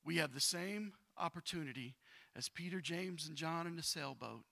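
A man preaching with a bright, forceful voice that sits a bit high for a man. He swings between loud, pressing bursts and hushed asides as he reads scripture and talks to his congregation in a casual way. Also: moderate pace, vocal fry. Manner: casual slang and repetition. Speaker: pastor. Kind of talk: sermon.

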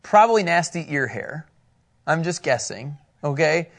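A man teaching scripture to a live group in a casual, playful way, with quick asides and frequent laughter. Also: a little high, animated. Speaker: pastor teaching a Bible study.

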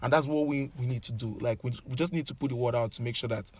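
A man's voice: mid-range voice, fast, husky. A man in casual chat, talking earnestly and repeating himself as he drives a point home.

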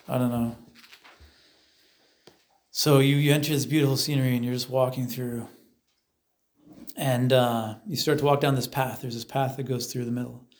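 Man leading a vivid guided meditation. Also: mid-range voice. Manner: conversational, vivid storytelling, acts out crowd chants and voices.

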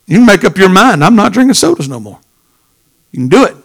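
Preacher man with a soaring pitch. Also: very animated, fast talker, gravelly. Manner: preaching with big swings from low murmurs to shouts. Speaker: pastor. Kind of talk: sermon.

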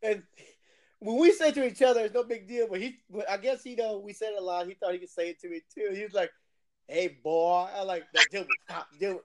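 A man's voice: sits high, fast, a little mellow. A man chatting casually, telling laid-back stories and laughing often. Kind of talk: casual chat.

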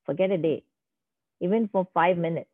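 A woman telling a devotional story in a slow, emphatic way, repeating key phrases. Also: on the low side, no echo. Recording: tinny phone-like, dry sound.

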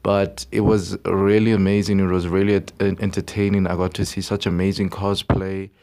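A young man hosts a casual podcast, talking in an excitable, rambling way and repeating his words. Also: sits low, moderate pace. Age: young adult. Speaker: podcast host.

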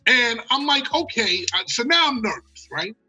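American guy telling a wild story, bright husky voice, swears a lot, faint music behind. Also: very high voice, moderate pace, low-quality recording. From United States. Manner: animated, profane, acts out quotes. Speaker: guest storyteller. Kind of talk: casual storytelling.

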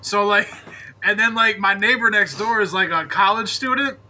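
Bright, high-voiced laid-back man. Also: normal speed, a little hiss or hum. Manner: laid-back, profane, hedges with many "like"s. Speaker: podcast co-host. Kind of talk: casual chat.

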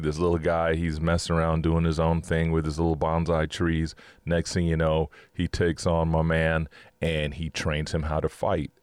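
Chatty deep-voiced man, dry close sound. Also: no echo. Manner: chatty, upbeat, laughs often, breaks into excited cheering. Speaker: podcast host. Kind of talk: casual Christian teaching talk.

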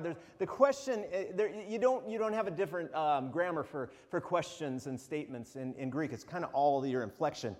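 A man preaching a sermon as pastor, animated and often restarting or repeating words as he goes. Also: a little high, brisk, hardly any pauses. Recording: long hall reverb.

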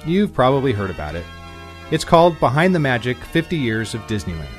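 A man's voice: medium pitch, sing-song, brisk, soft background music. A man hosting a podcast, reading scripted segments in an upbeat, announcer-like way. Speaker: podcast host.

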